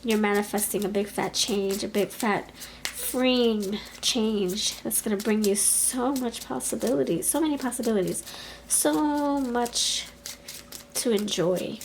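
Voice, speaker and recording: A woman giving a pick-a-card tarot reading in an expressive, chatty way, talking aloud to Spirit as she goes. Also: medium pitch, moderate pace, a little hiss or hum, rough recording. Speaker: tarot reader.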